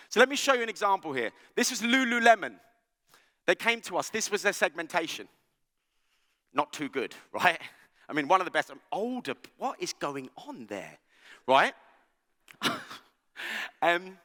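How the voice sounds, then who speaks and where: High bright guy doing a fun chatty keynote, tons of "right?", big echoey hall. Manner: animated, joking, conversational with frequent "right?". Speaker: conference speaker. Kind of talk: keynote talk. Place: large conference hall.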